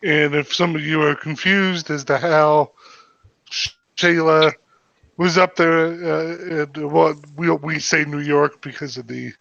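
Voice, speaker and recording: Man, podcast host, measured questions, fairly high voice, dull dry recording. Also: steady tone, creaky, a bit bright, no room sound. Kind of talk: interview questions. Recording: dull, muffled sound.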